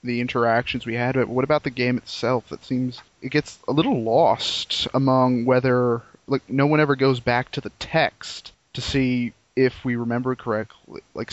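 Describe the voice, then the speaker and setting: A man's voice: medium pitch, no echo. Earnest man hosting, dry lo-fi sound. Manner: earnest, laughs often, poses questions. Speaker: podcast host. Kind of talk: casual roundtable discussion. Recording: dry dull lo-fi podcast audio.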